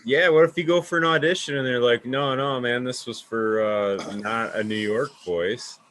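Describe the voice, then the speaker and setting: A man's voice: medium pitch, moderate pace, a bit bright. A man in casual podcast chat, teasing and egging the others on.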